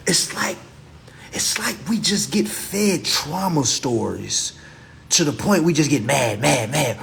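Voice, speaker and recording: Animated, profane man on a live stream. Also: slow, gravelly, a little hiss or hum. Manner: animated, swings from loud exclamations to low muttering; repeats "all right?" constantly, profane. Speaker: livestream host. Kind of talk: impassioned monologue. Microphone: phone on a live stream.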